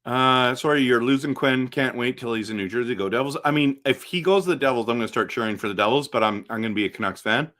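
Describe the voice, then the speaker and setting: A man hosting a casual live stream, reading chat comments aloud and answering them in an animated, chatty way with frequent restarts. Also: medium pitch, quick pace, hardly any pauses. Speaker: livestream host reading chat.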